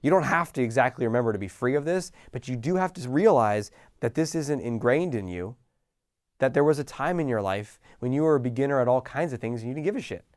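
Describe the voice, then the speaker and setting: A middle-aged man speaking as a coach in a loose, conversational way, his pitch swinging up and down as he acts out little moments. The sound is dry and close, with no room around it. He slips in sighs and chuckles as he goes. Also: quick pace, no echo. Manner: casual and animated, acting out little scenes with sighs and laughs. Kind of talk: motivational talk to camera.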